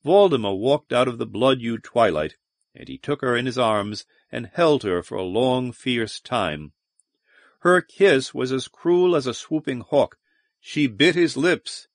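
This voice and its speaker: Measured man narrating an audiobook. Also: mid-range voice, dry recording, clean studio sound. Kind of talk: scripted narration.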